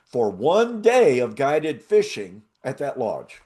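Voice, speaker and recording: An older man hosting a talk show, telling a travel story in a casual, animated way and laughing often. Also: medium pitch, slow pace. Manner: animated, laughs often, acts out quoted voices. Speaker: show host.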